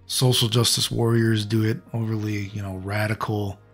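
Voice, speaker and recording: A man's voice: lowish voice, level tone, moderate pace, breathy edge, soft background music. A man hosting his own video channel, ranting bluntly and profanely in a casual style, with lots of restarts. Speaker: channel host.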